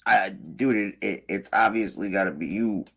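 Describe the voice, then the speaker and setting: A man hosting a casual group voice chat, ranting in a profane, animated way. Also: on the low side, moderate pace, gravelly. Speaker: host.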